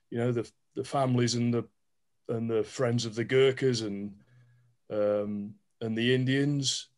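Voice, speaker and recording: A man asking a question at an online talk, halting, with restarts and fillers. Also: medium pitch, a little mellow. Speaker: audience questioner.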